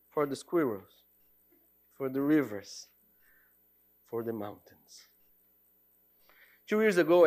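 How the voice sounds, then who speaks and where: A middle-aged man, a theology professor, giving a reflective lecture with personal stories, in an earnest, halting way full of restarts. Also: fairly high pitch.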